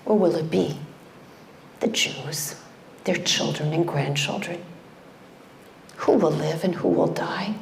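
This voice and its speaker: Impassioned woman preaching in slow, gravelly tones. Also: sits low, a little hiss or hum. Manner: impassioned, dropping to hushed whispers for emphasis. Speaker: speaker at a community event. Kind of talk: sermon.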